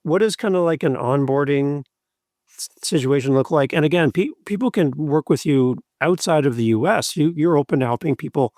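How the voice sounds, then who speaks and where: A man hosts a podcast interview, chatting loosely and encouraging his guest. His voice sits a touch high for a man. The recording is dry and close to the mic. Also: fairly quick, darkish tone, no room sound. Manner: easygoing and encouraging, loose phrasing with fillers. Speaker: podcast host. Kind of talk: casual interview chat.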